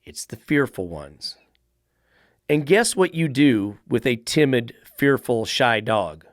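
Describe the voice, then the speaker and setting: A man's voice: mid-range voice, expressive, takes it slowly, no room sound. Blunt man in his middle years, dog trainer host, cusses, dry close sound. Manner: blunt, profane, fires rhetorical questions. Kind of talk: podcast monologue.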